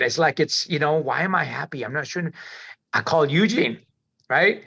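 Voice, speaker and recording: A man's voice: on the high side, lively intonation, normal speed, creaky, pushed and bright, slightly rough. A middle-aged man, a podcast guest, telling his life story candidly in a rambling way, restarting sentences and calling the host "man" often. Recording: dull lo-fi audio.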